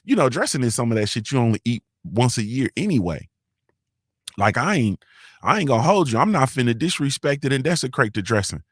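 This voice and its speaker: A man hosts a casual live-stream morning show at a middle pitch. He talks in loose, profane slang and laughs often, checking in with his listeners again and again. The sound is dry and close, with no room around it. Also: very animated, fairly quick, no room sound.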